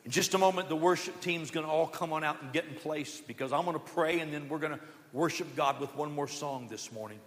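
A man preaching a sermon from a church sanctuary, telling stories with quoted voices and swinging between loud declarations and hushed asides. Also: fairly high pitch, a little fast. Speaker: pastor. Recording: long church hall reverb.

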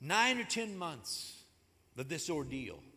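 A man preaching a sermon in a church, conversational and animated, acting out the stories as he goes. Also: a little high, slow pace. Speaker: pastor. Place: church sanctuary. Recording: echoey hall.

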